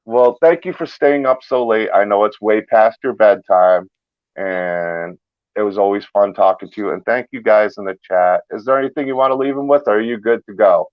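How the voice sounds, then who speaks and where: A man's voice: lowish voice, moderate pace, no room sound, muffled recording. A man hosting a live chat show, talking casually, repeating and stumbling over words. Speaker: host.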